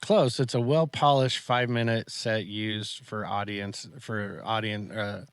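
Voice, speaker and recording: A man's voice: fairly low pitch, fairly even intonation, a little slow, clear, resonant tone, no echo. A man co-hosting a casual podcast, reading out terms and definitions and giving short affirming replies. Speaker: podcast co-host quizzing on terms.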